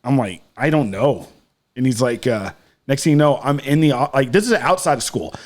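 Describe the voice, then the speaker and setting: A man's voice: medium pitch, animated, a little fast. A man co-hosting a podcast in casual chat, telling a story in a rambling, hesitant way full of fillers. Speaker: podcast co-host.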